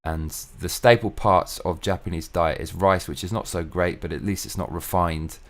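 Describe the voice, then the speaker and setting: A man's voice: low-pitched, steady tone, moderate pace. A young man hosting his own show, talking in a casual solo monologue that is profane, ranting and opinionated. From England. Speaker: show host.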